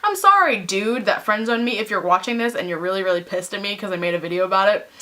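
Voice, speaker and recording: A woman's voice: medium pitch, a little fast, hardly any pauses. A young woman vlogging casually, telling a story animatedly and acting out what people said. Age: young adult. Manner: animated storytelling with quoted voices. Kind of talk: casual vlog rant.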